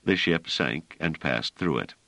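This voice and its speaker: Deep-voiced male audiobook narrator. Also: lively intonation, a little slow, gravelly, fairly bright tone, no room sound. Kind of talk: scripted narration.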